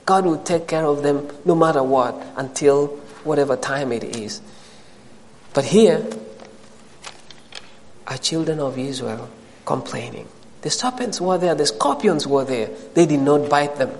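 Animated preaching man in a reverberant hall. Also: fairly high pitch, measured pace, long pauses, a little hiss or hum. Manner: animated, rising emphatic preaching. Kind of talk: sermon.

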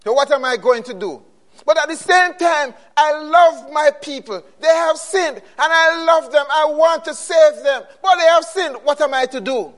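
A man's voice: very high voice, normal speed, a bit bright. A man preaching and voicing God as he weighs justice against love, deliberating aloud.

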